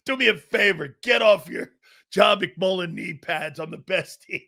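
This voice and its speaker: A man's voice: sits high, slow, creaky, bright, forceful tone, breathy edge. Brash, profane sports talk man. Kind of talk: casual ranting livestream talk.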